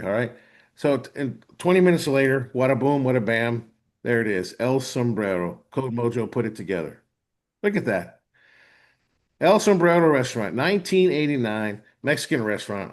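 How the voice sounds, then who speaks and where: Excited man hosting a live demo. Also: mid-range voice. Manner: enthusiastic, frequent "right?" tags. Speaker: host.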